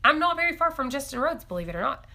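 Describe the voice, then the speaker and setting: A young woman hosts a casual homestead live stream. Her voice is bright and ringing, and she chats along with frequent giggles while answering viewer comments. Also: high-pitched, big pitch swings, fast talker. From East Tennessee. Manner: chatty and giggly, reads viewer comments aloud. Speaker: homestead livestream host.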